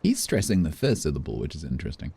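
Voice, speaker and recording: A man's voice: very deep voice, huge pitch swings, quick pace, vocal fry, dark tone, breathy edge, no room sound. A man streaming a naval war game, chatting casually and thinking aloud as he plays. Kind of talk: casual live-stream commentary.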